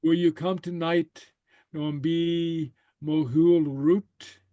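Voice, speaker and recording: A man's voice: fairly high pitch, fairly even intonation, extremely slow, warm tone, dry recording, dull audio. A man teaching a language class, patiently saying phrases and translating them line by line. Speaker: Gaelic teacher.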